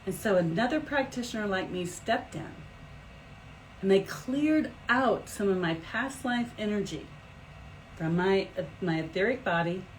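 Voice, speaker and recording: A middle-aged woman hosting a live stream as an energy healer, talking in a chatty, animated way with big swoops in pitch. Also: a little hiss or hum, rough recording. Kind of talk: casual live-stream talk.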